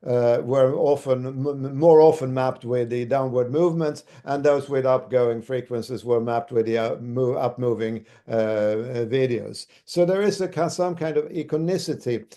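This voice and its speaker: Halting man giving a mellow-voiced lecture. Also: mid-range voice. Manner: halting, with many restarts. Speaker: university lecturer. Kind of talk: academic lecture.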